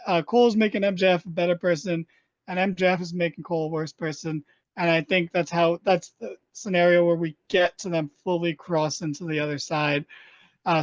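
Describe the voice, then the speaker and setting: A man's voice: high voice, fairly even intonation, brisk, dry recording. Podcast co-host, male, rambling and jokey, recorded dull and dry. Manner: rambling, jokey, many fillers and restarts. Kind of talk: casual chat.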